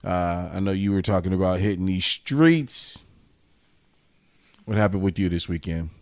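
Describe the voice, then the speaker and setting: A man's voice: low voice, moderate pace, no echo. A man co-hosting a casual podcast, swearing freely and trash-talking sports teams. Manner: profane, loud sports trash talk. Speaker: podcast co-host. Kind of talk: casual chat, trash talk.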